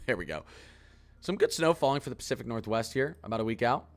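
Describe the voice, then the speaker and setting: A man giving a casual livestream weather forecast, talking quickly and excitably as he chats through model maps. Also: mid-range voice.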